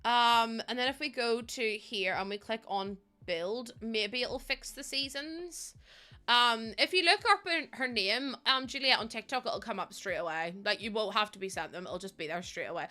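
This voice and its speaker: Young woman, Northern Irish accent, game streamer, rambling casual chat, crisp bright voice, slightly high. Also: animated, measured pace, faint music behind. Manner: chatty and rambling, many ums, talks to chat. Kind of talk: casual livestream chat while playing.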